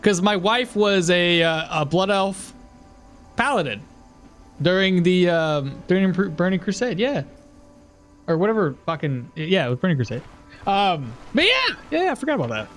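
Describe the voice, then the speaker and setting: A man's voice: high voice, big pitch swings, moderate pace, a bit bright, faint music behind. A man streaming a game live, rambling and chuckling as he comments, swearing casually.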